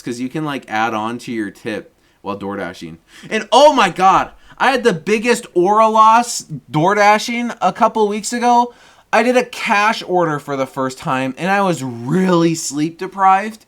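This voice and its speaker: A young man, a delivery driver, telling funny work stories in a casual, animated way, swearing and laughing as he acts out quotes. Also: on the high side. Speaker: food delivery driver and vlogger. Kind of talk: casual storytelling monologue.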